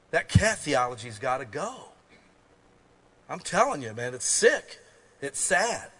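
A man preaching a sermon as pastor in a folksy, conversational way, moving between quiet asides and loud emphasis. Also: medium pitch.

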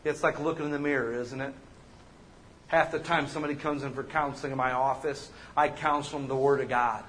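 A man preaching a sermon as pastor, animated and joking, acting out the people he quotes. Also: mid-range voice, a little fast, a little hiss or hum.

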